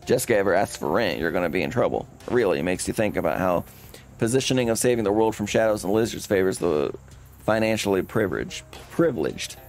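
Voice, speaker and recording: A man's voice: low-pitched, animated, fast, a little mellow, a little hiss or hum. A man hosting a let's play, chatting casually with lots of uh and um over faint game music. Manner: chatty, fills with uh and um.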